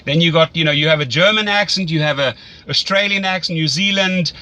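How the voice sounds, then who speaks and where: A man with a South African accent talks through rideshare strategy with an eager, upbeat energy. His voice sits a little high and rings bright and forceful, and he often doubles words as he works out what to say. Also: fairly quick, dull audio. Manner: enthusiastic, repeats words while thinking. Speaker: rideshare mentor host. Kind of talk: casual mentoring call.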